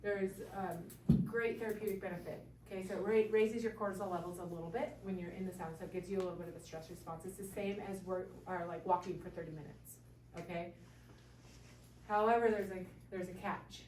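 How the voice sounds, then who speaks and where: A woman's voice: fairly low pitch, steady tone, brisk, darkish tone, recorded from a distance, a little hiss or hum. Earnest woman explaining in an echoey room. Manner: earnest, explanatory, frequent "okay?" check-ins. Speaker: chiropractor giving a talk. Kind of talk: explanatory health talk to a live group. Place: room with a small audience.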